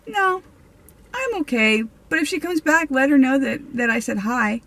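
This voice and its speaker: A woman voicing her elderly grandmother, who speaks in a calm, matter-of-fact way. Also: sits high, moderate pace, voice pushed up, exaggerated voice, rough recording.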